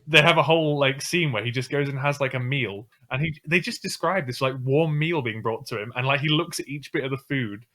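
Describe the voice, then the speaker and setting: Male co-host, bright forward voice, enthusiastic chatty storyteller. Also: medium pitch, brisk, few pauses. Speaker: podcast co-host. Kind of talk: casual chat turning into comedy improv.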